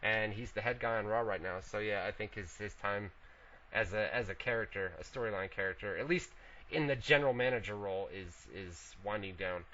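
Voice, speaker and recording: A man's voice: fairly low pitch, brisk, sharp tone. A man hosting an internet wrestling radio show in a casual, loose way, reading out listener questions and answering them. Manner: loose and profane, reads out names then answers. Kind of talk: casual wrestling news chat. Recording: dull lo-fi internet radio audio.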